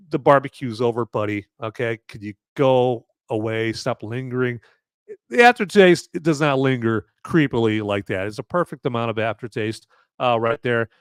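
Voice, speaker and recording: A medium-pitched man hosts a podcast with no room sound, chatting loosely about a beer he's reviewing. He's animated and rambling, and he keeps checking in with "okay?"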